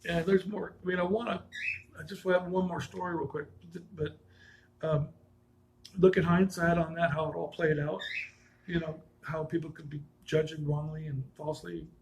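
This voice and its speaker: A man with a gravelly, fairly high voice tells his own stories in a loose, casual way. He wanders, restarts sentences and corrects himself, chuckling now and then as he talks. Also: little pitch movement, moderate pace, darkish tone, slight background noise, poor audio. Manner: rambling, with frequent restarts and self-corrections; chuckles while telling stories. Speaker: vlogger telling personal stories. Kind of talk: casual personal storytelling.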